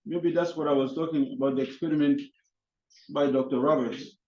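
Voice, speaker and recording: A man teaching an English class, halting and often repeating his words. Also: on the high side, steady tone, darkish tone. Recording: echoey classroom, dull lo-fi sound.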